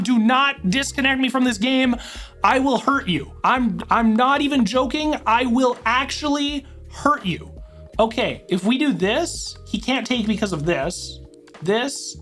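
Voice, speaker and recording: A woman commentating her own online chess game as she plays, thinking aloud move by move with dramatic outbursts. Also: mid-range voice. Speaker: chess streamer. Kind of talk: live commentary while playing online chess.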